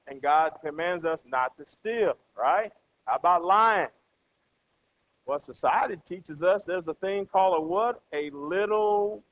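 High-voiced guy preaching, keeps saying "right?", sounds kinda muffled. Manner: conversational, keeps asking the congregation "right?"; acts out everyday characters with a changed voice. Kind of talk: sermon. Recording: dull lo-fi sound.

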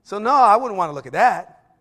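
A middle-aged man delivers a sermon in a noticeably high voice. He draws out the verses he reads, then moves into quick, lively personal stories with plenty of bursts of emphasis. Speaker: preacher.

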